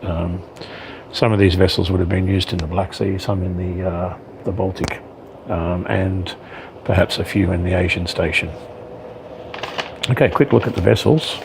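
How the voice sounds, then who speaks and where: A man's voice: low voice, steady tone, moderate pace, vocal fry, noisy background. A man giving casual unboxing commentary on his miniatures, hesitant, with frequent ums and self-corrections. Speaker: wargaming hobbyist reviewing miniatures.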